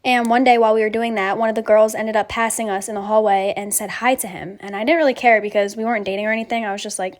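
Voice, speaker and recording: A woman's voice: on the high side, flat delivery, fast, few pauses. A young woman casually telling a personal story, frank and chatty, with lots of fillers and swearing.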